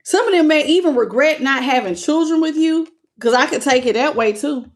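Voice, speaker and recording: A woman's voice: sits high, lively intonation, fairly quick. Chatty woman doing a livestream tarot reading. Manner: chatty, greets viewers warmly, calls them baby. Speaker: tarot reader.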